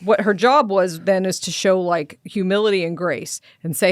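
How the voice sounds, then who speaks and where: A woman's voice: fairly low pitch, fairly even intonation, moderate pace, few pauses, no echo, studio quality. A woman co-hosting a comedy podcast, giving her opinions in an emphatic way. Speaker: podcast co-host. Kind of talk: casual comedic chat.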